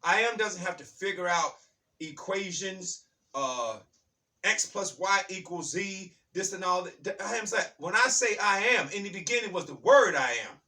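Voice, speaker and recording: Man, bright tone, preachy spiritual monologue, emphatic and repetitive, voice a bit off-mic. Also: high-pitched, animated, unhurried, distant mic. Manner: emphatic and repetitive, calls listeners "baby". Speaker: channel host.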